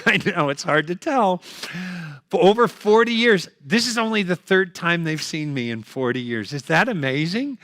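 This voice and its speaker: Bright-voiced older male stand-up comic. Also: on the high side, no echo, studio quality. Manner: punchy, joking, chatty. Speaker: comedian. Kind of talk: stand-up comedy set.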